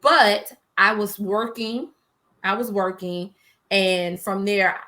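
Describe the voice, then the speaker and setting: A woman in her forties shares her life story in a relaxed interview. She talks in an animated, emotional way, acting out what she said back then and laughing through the rough parts. Her pitch sits in the middle range for a woman. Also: slow pace. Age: 40s. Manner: animated and emotional, quotes herself, laughs between hard memories. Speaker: small business owner, interview guest. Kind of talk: personal storytelling in a casual interview.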